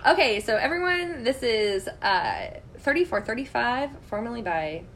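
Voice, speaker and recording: A woman's voice: a little high, expressive, normal speed, fairly bright tone, slight background noise. A woman co-hosting a podcast in playful casual chat, often giggling. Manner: playful, giggly, sings a pop verse with a twang. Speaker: podcast co-host.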